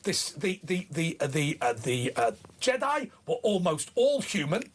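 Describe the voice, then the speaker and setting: Husky, animated British man co-hosting. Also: on the high side, unhurried. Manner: emphatic, keeps asking "right?". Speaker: TV talk show co-host. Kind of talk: lively studio banter.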